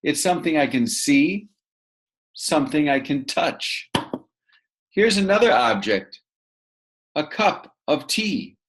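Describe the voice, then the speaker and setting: A man's voice: fairly high pitch, lively intonation, slow, pauses often, background noise. A man teaching vocabulary to young learners, patiently repeating words and asking the listener to say them back. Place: room with a bed, indoors.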